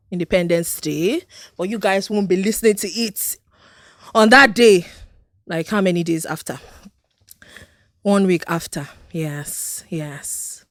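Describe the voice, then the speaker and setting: A woman's voice: mid-range voice, fairly bright tone, no echo, studio quality. A young Nigerian woman hosting her podcast, bubbly and hyped up, chatting casually on her own. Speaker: podcast host. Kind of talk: casual solo podcast chat.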